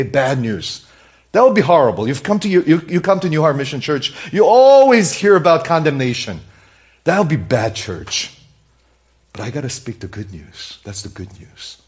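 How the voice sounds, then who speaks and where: A man preaching a sermon in a church, talking straight to the congregation and swinging from loud emphasis to hushed, near-whispered asides. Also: mid-range voice. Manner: conversational, speaks straight to the congregation with questions. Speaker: pastor.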